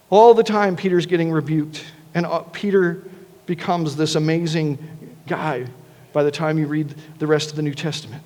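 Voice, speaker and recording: This is a pastor's sermon in a church sanctuary: his voice is high and steady in tone, moderately paced, and followed by a long reverb tail. Earnest and conversational, he keeps starting his words over.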